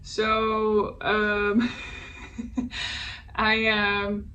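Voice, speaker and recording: Unhurried woman knitting podcaster, searching for words. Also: mid-range voice, completely flat delivery, dull audio. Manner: hesitant, searching for words, many fillers; laughs softly at herself. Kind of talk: casual show-and-tell chat. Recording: faint background noise, voice a bit distant from the mic.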